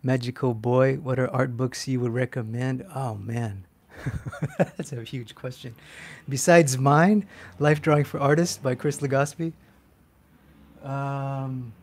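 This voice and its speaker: A man's voice: mid-range voice, slow pace. Chatty man teaching drawing live. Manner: chatty, self-mocking, animated with frequent fillers. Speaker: art instructor. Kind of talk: live-stream drawing demo, answering chat.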